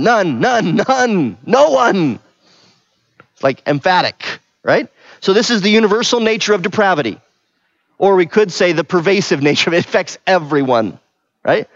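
A middle-aged man in a slightly high register teaching a sermon, who keeps checking in with his listeners through quick questions. The sound is dry and a little dull, like a lo-fi recording. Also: no echo. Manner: conversational, asks the room questions, frequent "right?". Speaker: pastor.

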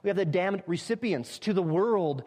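A man's voice: high-pitched, lively intonation, normal speed. Man, preacher, expository sermon, emphatic, repetitive build-ups, church sanctuary, long hall reverb. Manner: emphatic, repeats phrases and builds to loud climaxes.

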